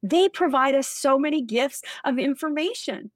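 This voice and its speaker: Energetic woman, dry close mic. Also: high voice, normal speed, no echo. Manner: energetic, acts out example dialogue. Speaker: guest, leadership expert. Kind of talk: animated interview talk.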